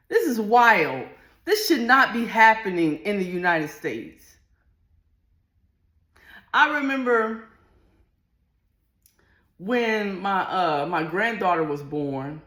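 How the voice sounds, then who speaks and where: In an echoey room, a middle-aged woman vlogger tells a personal story to the camera. Her fairly low, slightly bright voice carries a candid, earthy, blunt manner.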